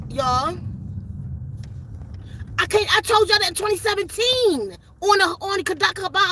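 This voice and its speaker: A woman's voice: very high voice, pushed and bright, slight background noise, low-quality recording. A woman, delivering an emphatic, profane, preachy spiritual rant straight to camera. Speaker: channel host giving a spiritual message.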